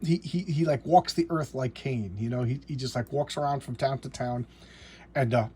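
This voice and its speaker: A man reviewing a comic book in casual talk, halting and repeating words as he enthusiastically walks through the story. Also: mid-range voice, darkish tone, husky.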